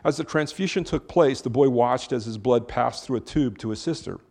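A man's voice: medium pitch, moderate pace, creaky, darkish tone. Man preaching a conversational sermon. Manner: conversational, joking asides between earnest preaching. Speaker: pastor.

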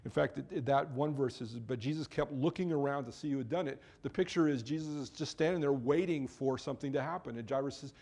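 A man's voice: mid-range voice, quick pace, few pauses, a little mellow, slightly rough. A man preaching a sermon in church, talking to the congregation in a conversational way and briefly acting out quoted figures. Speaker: pastor.

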